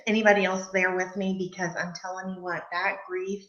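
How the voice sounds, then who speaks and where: A Texas woman hosts a live online book club chat, gushing and chatty with lots of fillers, and she clears her throat from allergies. Her lowish voice is brisk, level in tone, and fairly bright, though the audio sounds dull.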